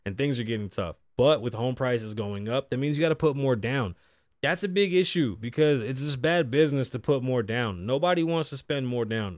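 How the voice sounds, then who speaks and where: A man's voice: medium pitch, no room sound, clean studio sound. A man, hosting a casual show and talking bluntly with lots of cursing. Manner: blunt, animated, heavy cursing. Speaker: podcast host. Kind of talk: profane casual commentary.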